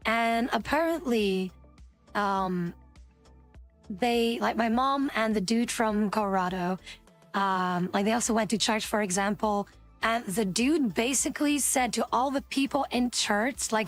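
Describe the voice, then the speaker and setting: A woman's voice: a little high, a little slow. A woman streamer casually telling a story to her chat, rambling with many fillers and restarts, with faint music behind her.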